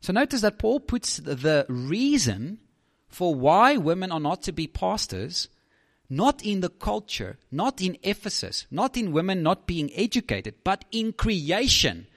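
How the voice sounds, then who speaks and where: A man's voice: sits high, very animated, measured pace, a bit bright, in a large hall. A man preaching a sermon as a pastor, emphatic, often putting questions to the listeners.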